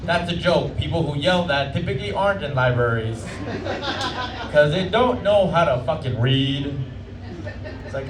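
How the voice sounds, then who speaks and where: A man from Mexico doing a brash, trash-talking stand-up set in a fairly high voice. The mic catches him from a distance. The club is echoey, with noise hanging in the room. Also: animated, a little slow, pauses often. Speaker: stand-up comedian. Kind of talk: stand-up routine. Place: comedy club stage.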